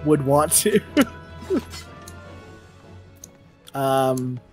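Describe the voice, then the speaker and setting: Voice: mid-range voice, big pitch swings, very slow, a little mellow. A streamer playing a game and talking to chat in a casual, chatty, swearing manner, with faint game music behind.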